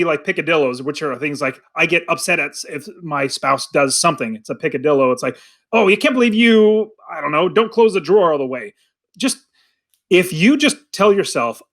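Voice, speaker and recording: A middle-aged man talking casually on a podcast, his voice sitting high for a man. He is animated, often slipping into quoted voices and lines to act out what he describes. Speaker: podcast co-host.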